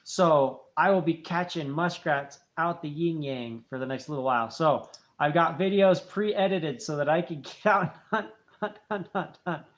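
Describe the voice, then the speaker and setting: A man's voice: a little high, normal speed. A man in his thirties, hosting a casual late-night livestream, friendly and rambling as he thanks viewers. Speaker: channel host.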